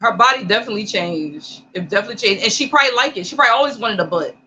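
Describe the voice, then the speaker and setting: Bright, frank podcast co-host. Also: mid-range voice, animated, slight background noise. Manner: frank and opinionated, backs up the other host with quick agreement. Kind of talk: casual podcast chat.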